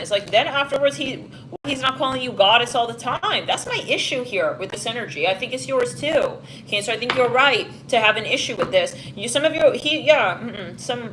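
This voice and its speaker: A woman talks straight to the camera through a tarot reading, rambling and blunt, with plenty of fillers along the way. Her pitch sits in a plain middle range, and a faint hiss of noise runs underneath. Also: a bit bright, rough recording. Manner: rambling, frank, with filler-heavy asides. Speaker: tarot reader. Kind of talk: casual psychic reading to camera. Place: London, England.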